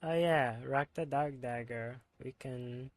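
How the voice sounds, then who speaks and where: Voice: mid-range voice, slow, no echo. A streamer chatting casually while gaming, thinking aloud with fillers.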